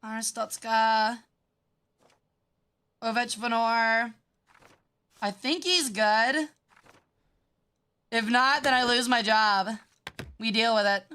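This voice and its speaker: A woman streaming a game with casual commentary. She sounds bratty, swears freely and reacts fast. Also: a little high, pushed and bright, smooth.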